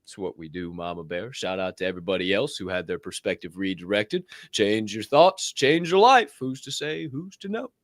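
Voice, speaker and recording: A man hosting a podcast, giving energetic shout-outs in casual chat, swearing freely and whooping. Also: fairly low pitch, moderate pace, hardly any pauses, no echo, studio quality. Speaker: podcast host.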